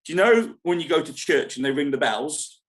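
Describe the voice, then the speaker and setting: A man's voice: fairly high pitch, lively intonation. Chatty man hosting a casual live stream. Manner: chatty, rambling, quick to laugh. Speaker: show host at a holiday park. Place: foyer of a holiday park club.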